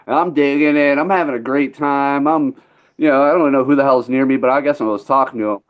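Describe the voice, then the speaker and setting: A man's voice: medium pitch, fairly even intonation, fast talker. Casual male podcast host, loose storyteller, dull recording. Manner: rambling, laid-back storyteller, swears freely.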